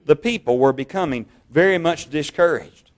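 Measured male preacher reading scripture. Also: on the high side. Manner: measured, slow over key words, stumbles on names and corrects himself.

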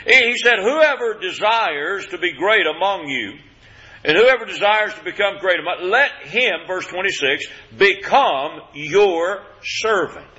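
Male preacher, earnest conversational sermon, bright tone, muffled lo-fi audio. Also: high voice, expressive, unhurried. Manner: earnest, conversational, repeats words on restarts.

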